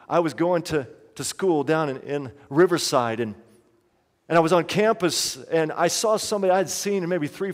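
A man preaching a sermon as pastor, emphatic and repeating key lines, leading the congregation in call-and-response. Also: on the high side. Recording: long reverb of a large hall.

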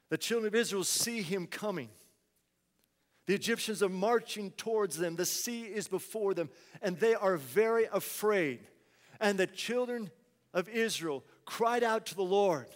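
A man's voice: high-pitched, expressive, unhurried, long reverb tail. A man preaching a sermon, asking the congregation rhetorical questions and acting out people's complaints.

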